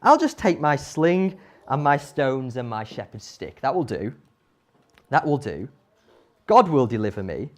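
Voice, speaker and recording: A woman's voice: very deep voice, very animated, measured pace, darkish tone, voice pushed down, exaggerated voice. A woman voicing a confident, earnest shepherd boy in a retold Bible story. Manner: earnest, indignant and sure.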